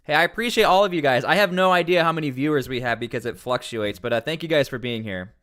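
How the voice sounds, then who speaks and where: A man's voice: a little high, quick pace, a bit bright. A man commenting on news during a casual livestream, rambling with many fillers and restarts.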